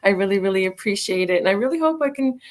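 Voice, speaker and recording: A woman from North Dakota reading the news on a radio show, friendly and quick to laugh between steady reading. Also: mid-range voice. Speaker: news reader.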